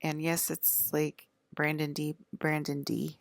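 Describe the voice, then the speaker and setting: Low raspy lady venting to camera, rambly and swearing a lot. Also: completely flat delivery, slow pace, dry recording. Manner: rambling, profane and indignant. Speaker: vlogger.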